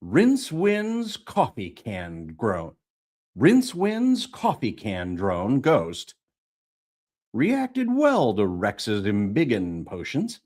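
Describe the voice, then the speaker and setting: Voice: medium pitch, huge pitch swings, extremely slow, darkish tone. An audiobook narrator reading a comic fantasy story live, retaking and repeating lines, with playful voice acting.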